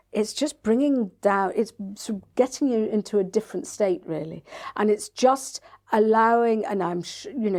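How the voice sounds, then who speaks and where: A woman, a parenting coach, chatting in an interview and telling lively stories, acting out other people's voices. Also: fairly high pitch. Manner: animated storytelling, acts out quoted voices. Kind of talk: casual interview chat.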